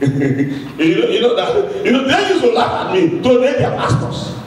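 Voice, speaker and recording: Man, sermon, high voice, excitable, shouts and laughs, heavy echo, distant mic. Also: normal speed, slight background noise. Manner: excitable, swings between booming shouts and low asides, laughs often. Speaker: preacher. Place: church sanctuary. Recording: very echoey, from far off the mic.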